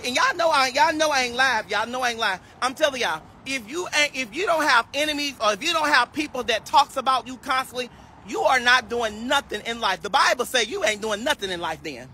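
A man's voice: very high-pitched, sharp tone, slight background noise. A young man on a casual livestream, delivering a sassy, preachy clapback rant.

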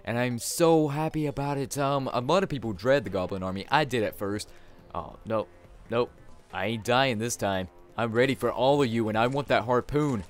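An excitable young man commentating a video game for his viewers, his voice at a middling pitch. He jumps from hyped shouts to flat, deflated muttering as the fight goes. Game music plays faintly behind him. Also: normal speed. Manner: excitable, talks to viewers, swings between hype and deflation. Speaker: gameplay commentator. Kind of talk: let's play commentary.

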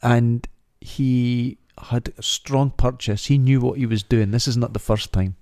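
A man's voice: mid-range voice, fairly even intonation, unhurried, darkish tone, no room sound. Playful man, dry close sound. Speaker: podcast co-host. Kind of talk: casual comedic chat.

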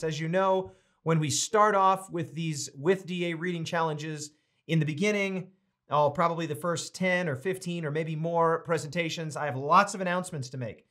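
An upbeat man with a fairly high speaking voice hosts a livestream as a pastor. He greets his viewers one by one in a friendly, casual way and then moves into announcements. He sounds like he is talking from an indoor home studio. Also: fairly bright tone. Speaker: pastor and host of a livestreamed reading series.

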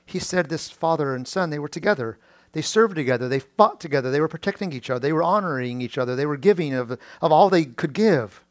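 A middle-aged male pastor giving a sermon, often restarting his words and rising loud and high on key points. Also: expressive, fast talker, no room sound. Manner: preaching with many restarts and repeated words; rises to a loud high pitch when stressing points.

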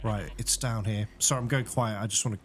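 A man giving chatty let's-play commentary on a game, excitable and quick to panic and laugh. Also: lowish voice, background noise. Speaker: gaming YouTuber. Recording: game music playing loud behind the voice.

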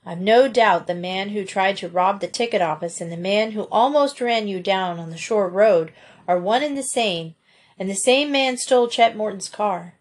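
A woman's voice: mid-range voice, moderate pace, lightly acted. A woman reading as Mr. Hardy, a jovial detective father. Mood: serious. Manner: teasing, amiable banter. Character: jovial middle-aged male detective father.

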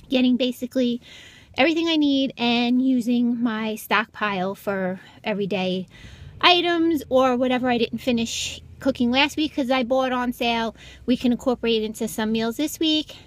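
Chatty woman vlogging her shopping trip. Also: fairly high pitch. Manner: chatty, walks and talks while shopping. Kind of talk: casual shopping vlog. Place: car, stores and home.

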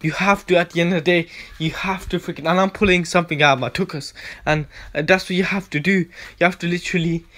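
A man talks into his phone at home in a loose, rambling vlog, circling back to the same lines again and again. His voice sits a little high for a man, and his delivery turns preachy and ranting as he repeats himself. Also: steady tone, fast talker, few pauses, a bit bright. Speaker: vlogger. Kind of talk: rambling casual monologue.

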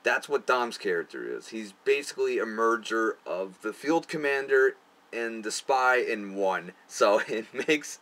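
A young man with a lowish, pushed and bright voice casually looks back on his amateur film, crude and profane and often laughing at himself.

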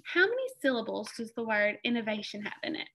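A young woman leads a phonics lesson for children. Her voice sits fairly high and sounds bright and crisp, and she stretches key words out slowly and clearly between cheerful praise. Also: very animated. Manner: encouraging, slow careful pronunciation of words. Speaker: teacher.

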